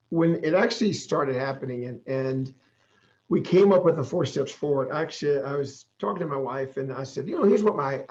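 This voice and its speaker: A man's voice: on the high side, lo-fi sound. A middle-aged man speaking earnestly and emphatically as a guest in an interview, often repeating words as he searches for them. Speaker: college president, guest. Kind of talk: interview conversation.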